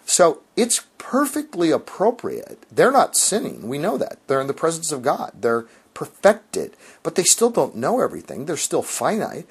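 Husky-voiced man teaching theology. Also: medium pitch, wildly swooping pitch, measured pace, few pauses. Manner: earnest, emphatic, with frequent restarts and fillers. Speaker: Christian author.

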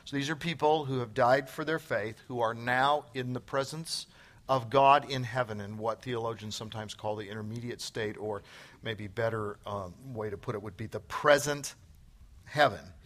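A Bible teacher with a medium-pitched, slightly bright voice speaks at a moderate pace on a church stage. His sermon is earnest and emphatic, with frequent scripture quotes, and he takes questions onstage afterward.

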